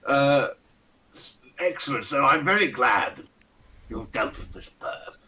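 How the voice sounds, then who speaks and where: A man's voice: medium pitch, expressive, measured pace, pushed and bright, distant mic. A man voicing a pompous, fat old lord with a monocle, fussy and apologetic, who blusters and swears. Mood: polite.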